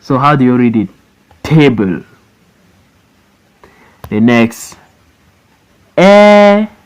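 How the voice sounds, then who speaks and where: A man's voice: medium pitch, slow pace, rough recording. A man teaching a phonics lesson, stretching words out syllable by syllable and repeating them for learners. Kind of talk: slow classroom phonics lesson. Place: voice-over for an online lesson.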